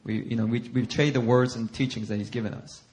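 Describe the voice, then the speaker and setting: A man's voice: medium pitch, fairly even intonation, fast talker, a little mellow. A male pastor preaching a sermon, acting out scripture quotes and laughing often as he talks.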